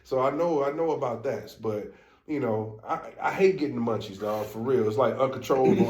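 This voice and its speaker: A man's voice: medium pitch, fairly quick, darkish tone. Laid-back St. Louis man, echoey room. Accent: St. Louis African American Vernacular English. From St. Louis, USA. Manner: laid-back, slangy, lots of fillers. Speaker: podcast co-host. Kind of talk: casual podcast chat.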